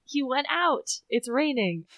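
A woman co-hosting a podcast, recapping a story in animated casual chat, acting out quotes and laughing. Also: high-pitched, takes it slowly, dry recording, rough recording. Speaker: podcast co-host.

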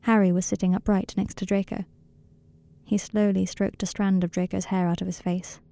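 Gravelly-voiced woman reading softly. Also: medium pitch, level tone. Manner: slow, quiet, intimate reading. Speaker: narrator. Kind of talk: audiobook reading of fan fiction.

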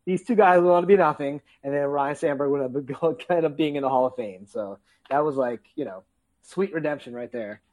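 A man telling childhood stories in casual chat, acting out quotes with loud outbursts and frequent swearing. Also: fairly high pitch, a little fast, low-quality recording. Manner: animated storytelling, acts out quotes loudly; swears freely.

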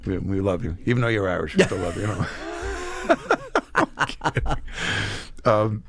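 New man, low gravelly voice, blunt storyteller, dry mic. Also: fast. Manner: storytelling, profane. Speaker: guest author. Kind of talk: casual chat.

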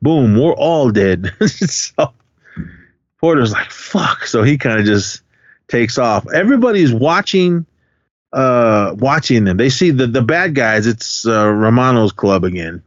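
A man's voice: mid-range voice, very animated, measured pace, dry recording. A man co-hosting a podcast, casually retelling a film's plot in a rambling way with lots of fillers and quoted lines. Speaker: podcast co-host. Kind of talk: casual film recap chat. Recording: dull dry lo-fi sound.

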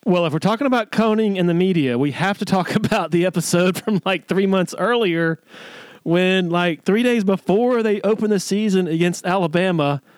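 A man co-hosting a podcast, telling stories in an animated way and laughing often. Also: high-pitched, normal speed, smooth, no room sound. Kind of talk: storytelling podcast chat.

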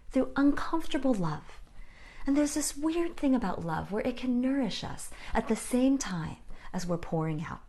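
A woman giving a conversational sermon, candid and self-deprecating, with frank asides to her listeners. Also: a little high. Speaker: preacher.

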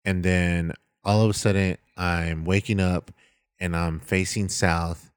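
A man's voice: low-pitched, little pitch movement, a little slow, smooth, dry recording, studio quality. A young adult man in casual chat who jokes, rambles and swears freely.

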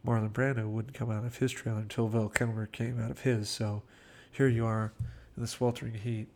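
Guy with a gravelly voice rambling through movie set stories, mid pitch. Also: level tone, a little fast, a little mellow, a little hiss or hum. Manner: chatty, anecdotal, with quoted asides and laughs. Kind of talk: casual storytelling commentary.

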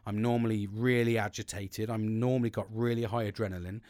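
A man's voice: lowish voice, fairly even intonation, a little fast, a little mellow, no echo. A man hosting a podcast, talking frankly and casually about coping and mental health, swearing freely and restarting his sentences. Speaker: podcast host.

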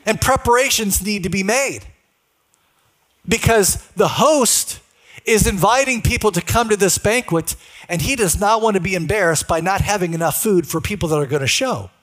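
A man's voice: sits high, moderate pace, fairly bright tone. A male pastor preaching a sermon in a conversational way, often putting questions to the congregation.

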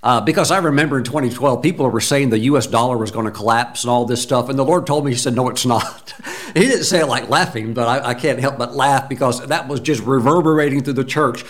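Male preacher, lively anecdotal sermon delivery, average pitch. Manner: animated storytelling, laughs, bursts of exclamation. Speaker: pastor.

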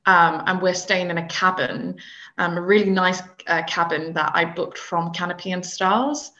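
Young British woman, podcast co-host, casual and halting, low-ish voice. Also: steady tone, bright, forceful tone. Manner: chatty, hesitant with many ums. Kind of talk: casual chat. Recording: dull lo-fi sound.

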